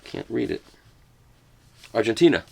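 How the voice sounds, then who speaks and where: An older man talks casually as he unboxes a set of records, tossing off jokes at his own expense as he goes. His voice is low and carries a gravelly edge. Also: sing-song, unhurried, darkish tone. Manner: joking, self-mocking asides. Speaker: host reviewing a record box set.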